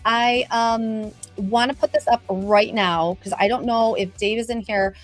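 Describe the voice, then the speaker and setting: A woman's voice: on the high side, steady tone, a little slow, faint music behind. A middle-aged woman hosting a casual livestream, chatty and bubbly, greeting viewers by name. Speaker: livestream host.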